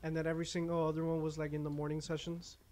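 A man's voice: on the high side, completely flat delivery, rapid-fire, darkish tone. A young man hosting a casual let's-play, laid-back and swearing freely. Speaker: gaming channel host.

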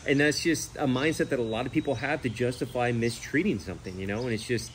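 A man hosting a casual talk about animals, earnest and animated, building his points with hypothetical scenarios. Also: mid-range voice, fast, slight background noise. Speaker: host.

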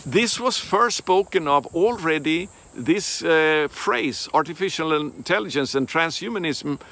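A man giving a Bible teaching in a deliberate, emphatic way, pausing and hesitating often. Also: on the high side, animated, pushed and bright, slight background noise.

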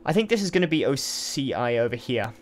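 Guy doing let's play commentary, chatty, thinking out loud, medium voice, soft music behind. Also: mid-range voice, very animated, fairly quick. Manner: chatty, thinks aloud with asides. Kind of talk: casual game commentary.

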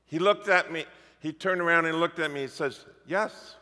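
A man preaching a sermon as the pastor, telling stories in a lively, animated way. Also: a little high, a little fast, over music. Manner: lively storytelling preacher, animated swings in loudness. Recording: reverberant hall.

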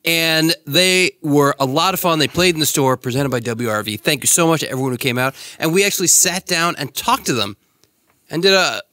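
A man's voice: a little high, lively intonation, fairly quick, bright, forceful tone. A man hosting a casual podcast, loose and joking, laughing between lines. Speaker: podcast host.

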